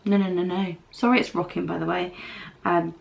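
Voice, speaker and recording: A British woman's creaky voice sits on the low side, with little pitch movement and a moderate pace. She is a beauty vlogger chatting casually at home over her makeup, rambling candidly through a long story while recovering from dental treatment.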